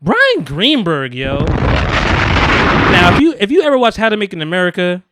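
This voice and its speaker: A man's voice: high voice, huge pitch swings, normal speed, very noisy. A man hosting a podcast, retelling a movie scene by scene in casual, profane chat and acting out the characters' lines. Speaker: podcast host.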